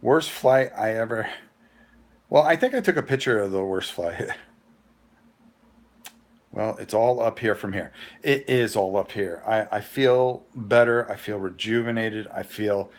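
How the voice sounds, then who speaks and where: A man hosting a casual live vlog, telling a rambling, animated story with frequent restarts. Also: lowish voice, measured pace, pauses often. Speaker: host.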